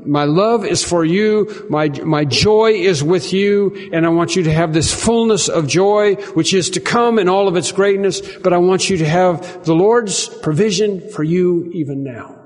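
A man's voice: unhurried, hardly any pauses, big-room sound. A man preaching a sermon and leading prayer, earnest and repetitive, rising for emphasis. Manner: earnest, repeats phrases, rises in pitch and volume for emphasis. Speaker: pastor.

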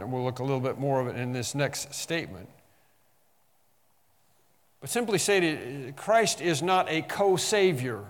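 A man preaching an expository sermon, emphatic, slowing on key phrases and rising in bursts. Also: medium pitch, big-room sound. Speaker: pastor.

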